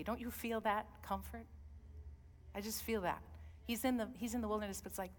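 A woman preaching a sermon, swinging from loud calls to soft, intimate asides. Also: medium pitch, expressive, measured pace. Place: church. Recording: long hall reverb.

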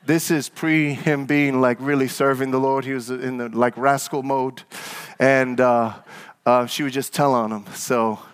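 A man preaching a sermon as pastor, telling stories and calling on the congregation for an amen, at times rising into loud, fervent exhortation. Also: fairly even intonation, unhurried, clean tone. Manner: fervent preacher with call-and-response; rises to loud, high exhortation.

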